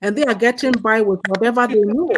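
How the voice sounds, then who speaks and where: A woman's voice: fairly high pitch, quick pace, crowd noise, low-quality recording. A woman, hosting a casual chat and giving emphatic advice. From Ghana. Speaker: host.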